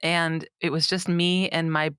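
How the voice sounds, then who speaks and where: A woman co-hosting a comedy podcast, chatting playfully and jumping into silly voices for quick bits. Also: little pitch movement, a bit bright, smooth, no echo, studio quality. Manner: playful, trades lines and bits, sudden pitch jumps into silly voices. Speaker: podcast co-host, gigging singer. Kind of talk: casual comedic chat.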